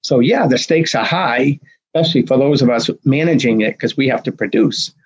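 A man in his sixties, a race director telling a story in an interview, acting out the dialogue with lively energy. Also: mid-range voice, a little fast, breathy edge, dull audio. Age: 60s. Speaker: marathon race director, guest. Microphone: video call.

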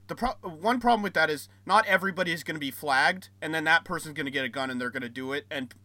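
A man's voice: a little high, fast talker, pushed and bright, no room sound. An American man in a casual podcast debate, rambling with lots of fillers and restarts. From United States. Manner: rambling, repeats himself, hesitant fillers.

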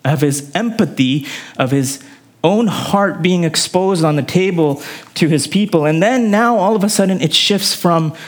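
A man's voice: a little high, expressive, measured pace. Earnest man preaching a sermon. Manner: earnest preaching with rising emphasis and sudden drops. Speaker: pastor.

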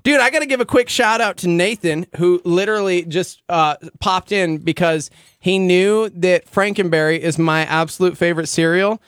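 A man hosting a morning radio show, chatting casually with animated, laughing delivery. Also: clean tone, dry recording, studio quality. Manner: animated, laughing, quick jumps in pitch.

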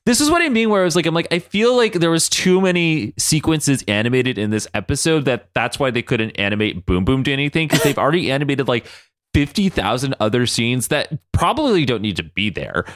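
Animated young man recapping a cartoon. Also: medium pitch, fairly quick. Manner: animated, laughing, acts out characters' lines. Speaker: podcast co-host. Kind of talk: casual chat, recapping a cartoon episode.

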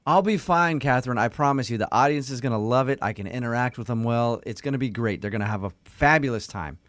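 Fast-talking male radio host. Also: mid-range voice, fairly bright tone, no room sound. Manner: reassuring, upbeat salesman patter. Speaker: radio morning show host. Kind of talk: prank phone call.

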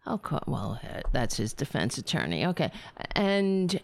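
A woman host giving political commentary, taking her time over each phrase while her pitch swings widely. She sounds sarcastic and indignant and swears freely, and her voice sits dry and close to the mic. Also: big pitch swings, measured pace, vocal fry, no echo. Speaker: show host.

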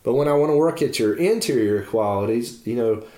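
A man's voice: mid-range voice, animated, a little fast, warm tone, reverberant. A man preaching a devotional sermon in an earnest, encouraging way.

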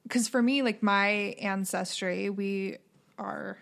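A woman's voice: mid-range voice, fairly even intonation, takes it slowly, gravelly, a bit bright. A woman hosting a casual chat, listening attentively with many short affirmations and sharing her own stories.

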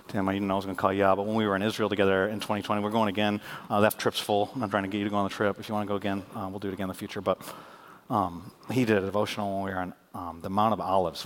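A man preaching a sermon as a pastor, animated and joking, with sarcastic asides. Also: lowish voice, racing. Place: church in front of a congregation.

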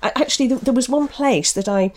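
A woman's voice: high voice, quick pace. Novelist lady talking books, thoughtful, keeps restarting. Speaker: novelist guest. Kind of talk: discussion and reading aloud.

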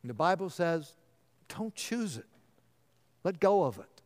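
A male pastor delivering an earnest sermon, often dropping to a hushed voice to stress a point. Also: high-pitched, sing-song, unhurried. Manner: earnest, drops to a hushed voice for emphasis. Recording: long reverb of a large hall.

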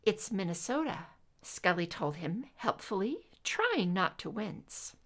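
A woman reading a story aloud as narrator, in an expressive, unhurried way. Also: fairly low pitch. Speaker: reader.

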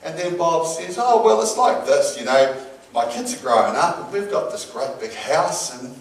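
A man's voice: on the high side, expressive, normal speed. A man preaching a sermon and telling a story with acted-out voices. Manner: storytelling, acts out voices in an anecdote. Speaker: pastor. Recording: echoey hall from far off.

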